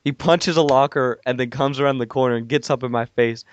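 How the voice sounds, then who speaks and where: A man's voice: medium pitch, fairly quick, highs cut off. Young man rambling through a story. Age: young adult. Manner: rambling, animated story with restarts and laughs. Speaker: podcast co-host. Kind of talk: casual storytelling. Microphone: call-in from home.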